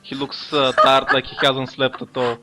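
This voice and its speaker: A man's voice: medium pitch, completely flat delivery, normal speed, music in the background. A man playing a tabletop game, joking and laughing a lot. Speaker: player. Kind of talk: casual tabletop play.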